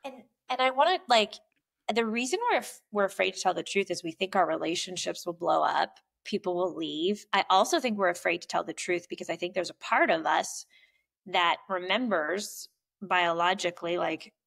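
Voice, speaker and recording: A woman's voice: on the low side, moderate pace, vocal fry, fairly bright tone. A woman guest on an interview podcast, talking candidly and animatedly, swearing freely and acting out what people said. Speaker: podcast guest, poet and coach. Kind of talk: casual conversational interview. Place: lives in a small coastal town in California.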